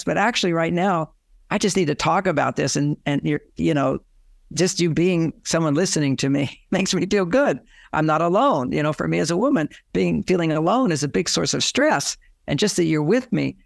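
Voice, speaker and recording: A man's voice: a little high, creaky, dry recording, studio quality. An older man, a relationship author, giving advice in an interview and acting out the lines couples say. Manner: explanatory, acts out quoted lines.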